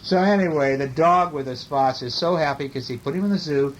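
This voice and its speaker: A father reading a bedtime picture book aloud to his child, gentle, stopping to ask questions as he goes. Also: fairly high pitch, a little fast, dull audio, slight background noise.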